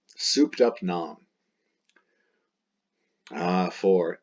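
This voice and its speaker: A man's voice: deep voice, a little mellow, breathy edge, lo-fi sound. A man teaching a Latin text in a chatty, playful way, repeating and rephrasing as he explains.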